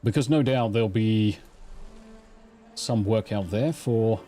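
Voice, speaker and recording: A man's voice: lowish voice, slow pace, warm tone, a little hiss or hum. An English man streaming live gameplay, chatting casually in a rambling, sweary way into a desk mic through a mixer.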